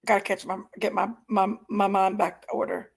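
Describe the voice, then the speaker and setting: A woman's voice: medium pitch, flat delivery, moderate pace, creaky. A woman hosting a live stream, reacting to videos with indignant, exasperated commentary to her chat. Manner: indignant, exasperated, keeps apologizing to viewers.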